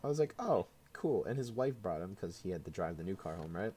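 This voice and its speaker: A man's voice: sits low, fast, a little hiss or hum. A young man streaming, telling a work story in casual chat with lots of laughs. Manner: animated storytelling with frequent laughs.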